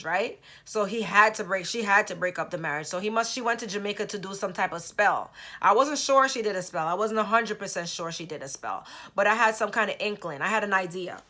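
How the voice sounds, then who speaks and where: A woman talks straight to her viewers in a casual storytelling monologue. Her voice is bright and forward. She speaks emphatically and keeps turning to the listener with rhetorical asides. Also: mid-range voice, a little fast. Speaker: vlogger.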